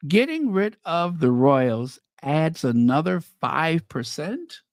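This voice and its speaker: Slow-talking man commenting on headlines. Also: a little high, sing-song, no room sound, clean studio sound. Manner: reads headlines aloud then reacts with opinionated asides. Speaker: commentary channel host. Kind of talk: casual commentary on news headlines.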